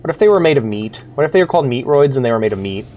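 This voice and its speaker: A man streaming a video game, chatting casually, swearing and reading in-game logs aloud in bursts of excitement. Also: mid-range voice, racing, a little hiss or hum.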